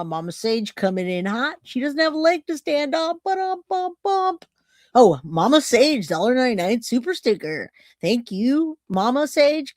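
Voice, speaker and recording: A woman streams true crime in a casual, chatty way, often laughing and thanking viewers as she goes. Her voice sits at an ordinary middle pitch. The sound is dry and close, with no room echo. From California. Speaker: true crime livestream host. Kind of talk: casual livestream chat.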